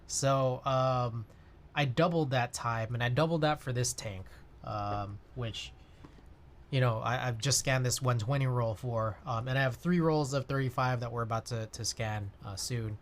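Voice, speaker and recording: A man's voice: mid-range voice, measured pace, slight background noise. A man chatting casually on his livestream, rambling with lots of fillers and answering chat. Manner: rambling, many fillers, reads chat aloud.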